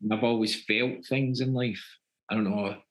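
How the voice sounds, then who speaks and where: A Scottish man talks through an interview in a loose, rambling way, full of asides. His voice sits on the low side. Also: steady tone, normal speed, low-quality recording. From Scotland. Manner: rambling, chatty, lots of fillers. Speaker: actor, guest. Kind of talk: casual interview chat.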